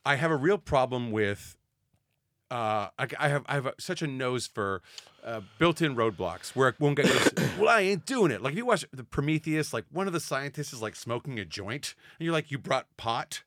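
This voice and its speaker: A man's voice: medium pitch, lively intonation, a bit bright, no echo, clean studio sound. A man chatting casually about films, joking, going off on tangents and restarting his sentences. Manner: jokey, does quick voices and tangents, halting restarts. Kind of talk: casual movie chat.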